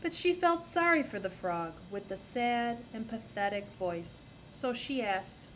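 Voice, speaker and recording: A young woman student reading a storybook aloud in a steady, clear narrating style. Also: a little high, unhurried, a little hiss or hum, rough recording. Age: young adult.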